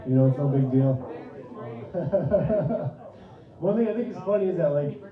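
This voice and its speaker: A man in his thirties works a club crowd with a loose, profane stand-up set and keeps laughing at his own jokes. His voice sits high, and he sounds set back from the mic. The recording is dull and roomy, as in a small club. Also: recorded from a distance. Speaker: stand-up comedian. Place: comedy club stage.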